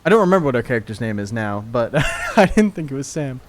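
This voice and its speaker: A man streaming a game live, talking excitedly and jokingly, cooing in baby talk at times. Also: mid-range voice, fast, a little hiss or hum. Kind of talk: live gaming commentary.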